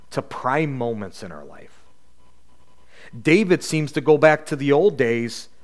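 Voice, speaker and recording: A man gives a sermon and speaks at a slow, unhurried pace. He reads scripture passages and reflects on them, often pausing to ask his listeners rhetorical questions. His pitch sits in a middle range for a man. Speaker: Bible teacher.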